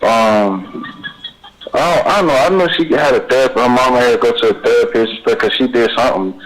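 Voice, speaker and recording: A young man, answering questions in a recorded police interview, halting and rambling, repeating himself with many fillers. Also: mid-range voice, low-quality recording.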